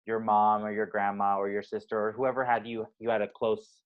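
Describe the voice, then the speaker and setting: A man with a lowish voice co-hosting a casual podcast chat, rambling through stories with plenty of ums and likes. The recording sounds a little dull and muffled. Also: little pitch movement, brisk. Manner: chatty storytelling with many fillers. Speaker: podcast co-host.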